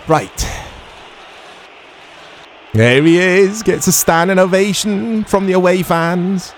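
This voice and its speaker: Excitable gamer commentating. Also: male voice, high voice, slow pace, slight background noise. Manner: excitable, shouts at big chances, chatty asides. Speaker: gaming commentator. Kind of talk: casual let's-play commentary.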